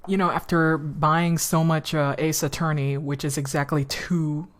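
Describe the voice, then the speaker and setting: A woman's voice: low voice, level tone, normal speed. A woman streamer, chatting casually and swearing freely as she drifts between topics. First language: Spanish.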